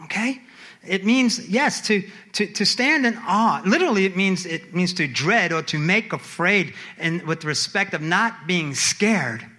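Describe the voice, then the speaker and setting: A man preaching a sermon to a congregation, reading scripture and asking the room questions, swinging from emphatic pleas to quiet asides. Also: a little slow. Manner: animated, rising to emphatic high pleas then dropping low.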